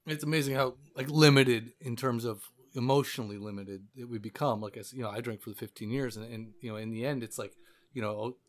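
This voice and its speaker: A man's voice: medium pitch, quick pace. A man co-hosting a podcast, talking in a loose, jokey way with lots of fillers. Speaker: co-host. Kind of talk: casual podcast chat.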